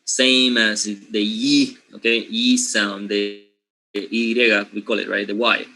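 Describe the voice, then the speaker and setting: Bright-voiced teacher with a Latin American Spanish accent. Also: male voice, on the low side, flat delivery, slow pace, low-quality recording. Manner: talks in loose restarts, checking in with "okay?" and "right?". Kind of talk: live online class lecture.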